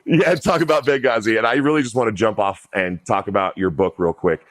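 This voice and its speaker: A male podcast host with a very low, deep voice. He talks casually and directly, leading the interview with loose, chatty questions. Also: a little fast. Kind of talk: conversational interview.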